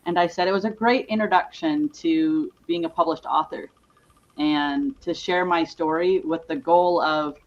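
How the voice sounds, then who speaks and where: A woman's voice: sits low, measured pace. A woman guest on an interview show, speaking sincerely and reflectively over a video call with dull, lo-fi audio. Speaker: guest co-author. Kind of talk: interview conversation.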